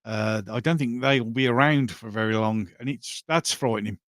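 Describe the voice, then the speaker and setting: A man's voice: mid-range voice, moderate pace, fairly bright tone, no echo, clean studio sound. A man hosting a casual live stream, reading out viewer comments and rambling with many fillers and restarts.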